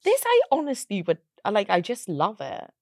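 A woman's voice: medium pitch, wildly swooping pitch, normal speed, no echo, clean studio sound. A woman, co-hosting a podcast, chatty, laughing and swearing freely in casual conversation. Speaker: podcast co-host. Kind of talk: casual chat. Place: indoor studio room.

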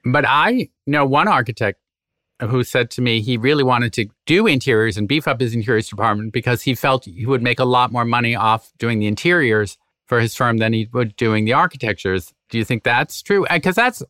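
A man's voice: mid-range voice, brisk, pushed and bright, dry recording, clean studio sound. A man moderating a panel discussion, asking probing questions.

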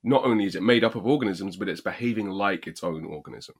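A man's voice: low voice, fast, husky. A man co-hosting a podcast, joking around and explaining things at length in casual chat. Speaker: podcast co-host.

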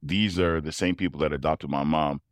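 Deep-voiced man telling lively stories. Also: fairly quick, no echo, clean studio sound. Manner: animated storyteller who acts out quoted voices and laughs often. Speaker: interview guest, professional tuba player. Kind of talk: storytelling in a casual interview.

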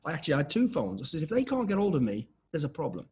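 Husky, quick-talking man in his fifties; blunt interview guest who acts out the voices in his stories. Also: fairly high pitch. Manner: blunt, animated, lots of restarts and acted-out dialogue. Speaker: interview guest, former special forces soldier. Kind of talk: casual conversational storytelling.

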